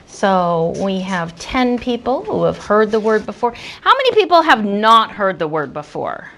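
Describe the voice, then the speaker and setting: A woman teaching a classroom lesson, talking slowly and patiently with encouraging praise. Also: medium pitch, big pitch swings, fairly bright tone, a little hiss or hum. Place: school classroom.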